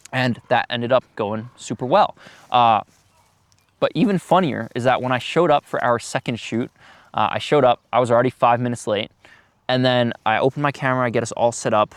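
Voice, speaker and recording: A man's voice: mid-range voice, fairly quick, dry recording. An eighteen-year-old man giving business tips in a casual vlog, talking loosely with frequent ums and uhs. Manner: loose, filler-heavy talk with many ums.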